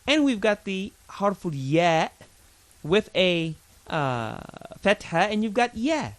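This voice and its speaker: A man's voice: high-pitched, sing-song, slow. A man teaching an Arabic lesson, patiently drilling pronunciation with lots of repetition, chatty and informal with his learners. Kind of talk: recorded language lesson.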